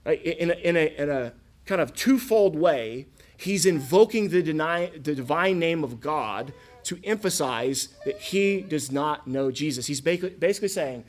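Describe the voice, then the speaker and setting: Conversational preacher man, slightly high voice. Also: animated, moderate pace. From Florida, USA. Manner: conversational, asks the listeners questions. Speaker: pastor. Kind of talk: sermon.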